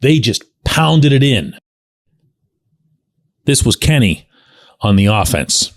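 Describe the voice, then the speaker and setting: A middle-aged man hosting daily sports commentary, telling stories in an animated way and acting out quotes. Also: slow, dry recording, studio quality. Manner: animated storyteller, acts out quotes with big pitch jumps. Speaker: sports columnist and show host.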